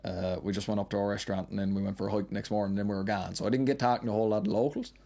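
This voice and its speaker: Newfoundland man, 30s, rapid rambling storyteller, broad local accent. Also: fairly low pitch, steady tone, gravelly, dark tone. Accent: Newfoundland Southern Shore. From Newfoundland, Canada. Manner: rambling, storytelling, quick with local turns of phrase. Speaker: podcast guest. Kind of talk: casual chat.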